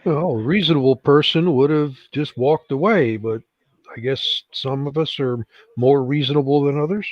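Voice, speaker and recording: A man's voice: mid-range voice, moderate pace, no echo. A man in a casual online panel chat, making wry, dry remarks. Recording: dull lo-fi mic, dry.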